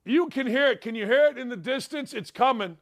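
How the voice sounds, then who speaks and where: A middle-aged man delivers a sports talk monologue in a fairly high voice. He rants with heavy sarcasm and slows down to drag out his points. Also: creaky, fairly bright tone. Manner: sarcastic, ranting, drawn-out emphatic delivery. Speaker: sports talk show host.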